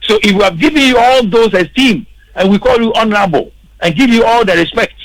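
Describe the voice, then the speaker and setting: Emphatic male radio commentator with a gravelly edge and a dry, close sound. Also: high-pitched, brisk, no room sound, poor audio. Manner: emphatic, repeats words for stress. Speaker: political commentator. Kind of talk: radio panel discussion. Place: radio studio.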